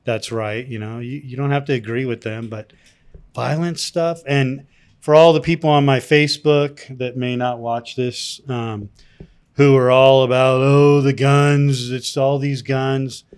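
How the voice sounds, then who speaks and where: A man's voice: mid-range voice, little pitch movement, a little slow, clear, resonant tone. A man co-hosting a podcast, rambling through his points with many restarts. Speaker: podcast co-host. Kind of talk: casual chat.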